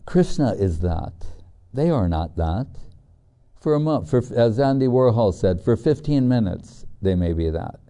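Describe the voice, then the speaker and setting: Brief: middle-aged male spiritual teacher, chatty storyteller, unhurried and dark-toned. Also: fairly low pitch, expressive. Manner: storytelling, chatty with many fillers. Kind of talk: devotional scripture lecture with anecdotes.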